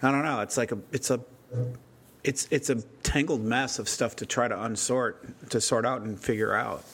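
Man musing aloud in halting questions. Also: mid-range voice, steady tone, a bit bright, slightly rough. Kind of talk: casual TV discussion podcast.

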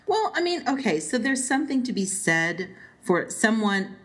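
A woman co-hosting a podcast in casual chat, animated and emphatic, laughing often. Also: on the high side, normal speed. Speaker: podcast co-host.

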